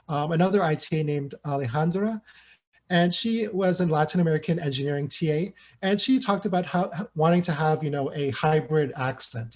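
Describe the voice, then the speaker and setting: A man giving an academic research talk over a video call, often tagging his points with "right?" and "you know". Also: a little high. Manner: reads interview excerpts aloud. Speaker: academic speaker.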